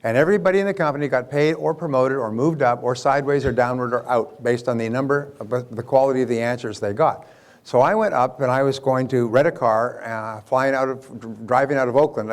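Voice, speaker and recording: A man giving a business seminar talk, telling stories in a lively way with frequent restarts. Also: mid-range voice, fairly quick. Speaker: business speaker and sales coach.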